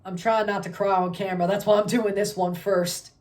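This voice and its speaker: A woman in her thirties hosting a casual sports review vlog, excitable and rambling, correcting herself as she goes. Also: mid-range voice, brisk. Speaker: sports channel host.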